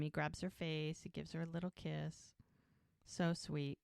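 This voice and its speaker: Woman podcast co-host, mid pitch, dry close sound, chatty recap of scenes. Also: unhurried, fairly bright tone, dry recording. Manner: retells scenes with quoted dialogue, laughs often. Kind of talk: casual recap chat.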